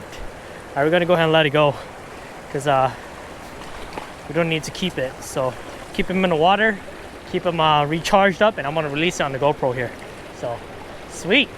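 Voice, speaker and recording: An excitable man fishing at a river, talking to his viewers and a little out of breath, recorded outdoors on an action camera. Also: a little high, a little hiss or hum. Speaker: fishing vlogger. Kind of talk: casual fishing vlog.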